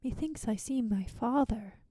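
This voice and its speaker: A woman's voice: on the high side, measured pace, dark tone, dry recording. A woman who is sick, reading the lines of a brooding, grieving young prince with light drama.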